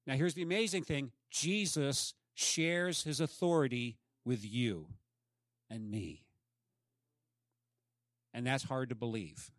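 A man's voice: on the high side, fairly bright tone, no echo, studio quality. A man preaching a sermon as pastor, emphatic and often asking the congregation questions.

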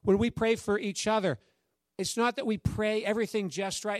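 A male pastor with a slightly high voice preaches a sermon and tells a story along the way. He urges the congregation to answer him. The sound is dry and close, with no room echo. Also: normal speed. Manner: exhorting the congregation, lively call-and-response.

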